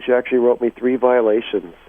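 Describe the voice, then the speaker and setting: Comedian calling in on a phone line. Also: male voice, medium pitch, steady tone, quick pace, dry recording. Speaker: stand-up comedian. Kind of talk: telling a joke on a call-in show.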